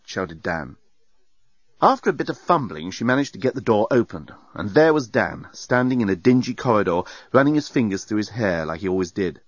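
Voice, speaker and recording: A man narrating an audiobook in an expressive, wry storytelling way. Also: lowish voice, brisk, dry recording. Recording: dull, muffled sound.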